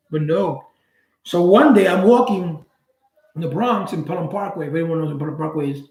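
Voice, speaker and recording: A man telling a personal story in a casual, blunt way, with street slang and swearing. He acts out the other people's lines with sudden jumps in pitch. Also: fairly quick, echoey room, poor audio. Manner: animated, acts out quoted dialogue with big pitch jumps. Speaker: channel host.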